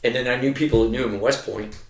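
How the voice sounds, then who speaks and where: Middle-aged ex-soldier spinning profane war stories, rambling, steady mid voice, roomy echo. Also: male voice, medium pitch, rapid-fire, slight background noise. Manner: profane, rambling, heavy swearing. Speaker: veteran telling army stories. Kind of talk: casual storytelling chat. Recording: echoey room.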